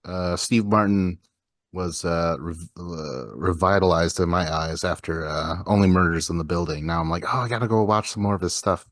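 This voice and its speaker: Deep-voiced man in dry casual podcast talk. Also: moderate pace, dry recording. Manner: laid-back, swears casually, laughs often. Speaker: podcast co-host. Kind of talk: casual chat about movies.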